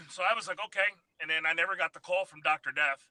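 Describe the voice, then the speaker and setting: A man as a guest on a casual podcast, recounting his career in a low-key, reflective way. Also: fairly quick, sharp tone, dry recording, rough recording. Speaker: podcast guest, former wrestler, author. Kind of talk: casual interview chat.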